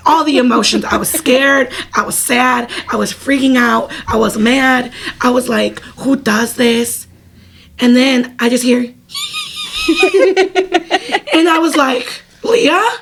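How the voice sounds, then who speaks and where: A woman's voice: on the high side, fairly even intonation, a little slow, gravelly, a bit bright, a little hiss or hum. A young woman co-hosting a podcast, telling a story in casual chat with lots of laughing and fillers. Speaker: podcast co-host.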